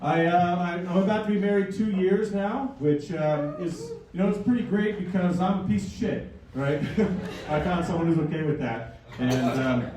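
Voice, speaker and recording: A man's voice: high-pitched, moderate pace, noisy background. A man in his thirties from Canada doing a self-deprecating stand-up set, rambling with fillers and slipping into put-on voices. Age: 30s. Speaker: stand-up comedian. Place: comedy club stage with a live audience. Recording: echoey club from a distant mic, crowd laughter.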